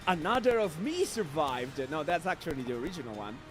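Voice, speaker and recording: Excitable man narrating his gameplay. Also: on the high side, fairly quick. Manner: excitable, laughing, shouting reactions. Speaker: VTuber streamer. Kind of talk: live gameplay commentary. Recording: game music behind the voice.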